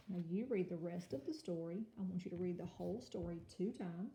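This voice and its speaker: A woman teaching a kindergarten home-learning lesson, speaking slowly and carefully and sounding out words for young children. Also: fairly low pitch, gravelly, warm tone. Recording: echoey room with faint noise.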